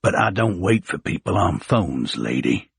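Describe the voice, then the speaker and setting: A man's voice: low voice, big pitch swings, measured pace, vocal fry, husky, dry recording, clean studio sound, exaggerated voice. A man voicing a surly, curt male courier with an American accent.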